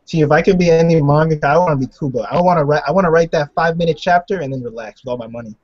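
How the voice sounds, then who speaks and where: A man jokes and laughs his way through a casual group chat. His voice is fairly high. The recording is dull and lo-fi, with a faint hiss underneath. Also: rapid-fire, a little mellow. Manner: joking, laughs between lines. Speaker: stream co-host. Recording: lo-fi stream audio with faint noise.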